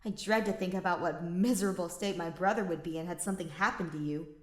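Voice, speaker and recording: A woman voicing a bossy, sharp-tongued young woman mage with a brisk, teasing manner in a read-aloud story. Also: on the low side, reverberant, natural voice.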